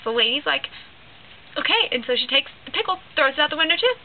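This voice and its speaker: Talking very fast with lively intonation and a high voice, a teenage girl vlogger rambles her way through a long joke to the camera. She fills it with "like" and "um," and the sound is lo-fi and phone-like with a faint hiss.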